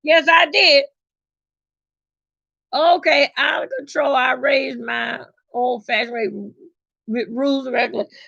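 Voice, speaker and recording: A middle-aged woman telling family stories in a casual, animated, emphatic way, swearing freely. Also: sits high, measured pace, vocal fry, pauses often, dry recording. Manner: animated, emphatic, salty with cursing. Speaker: vlogger. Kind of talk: casual storytelling. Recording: dull lo-fi recording.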